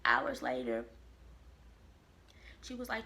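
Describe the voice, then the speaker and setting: A woman from Kansas City, telling a personal story to camera in a lively, expressive way. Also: medium pitch, a little slow, long pauses, slight background noise. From Kansas City, Missouri. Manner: animated, expressive storytelling with quoted voices. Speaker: vlogger. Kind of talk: casual storytelling.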